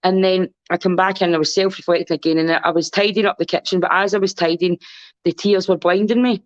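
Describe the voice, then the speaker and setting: A woman's voice: lowish voice, fairly even intonation, brisk, dry recording. A Scottish woman speaking as a podcast guest in casual chat, rambling and candid and swearing freely. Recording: dull lo-fi recording.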